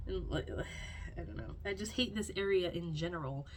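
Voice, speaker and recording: A woman's voice: fairly low pitch, moderate pace, slight background noise. A young adult woman vlogging at home, rambling and complaining in a casual diary style with lots of filler words.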